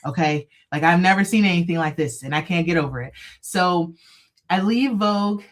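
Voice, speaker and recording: Low-pitched woman guest, animated storyteller, leans on "like" constantly. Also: normal speed. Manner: animated, gushing, heavy "like" filler. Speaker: guest crochet designer. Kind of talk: casual live-stream interview storytelling.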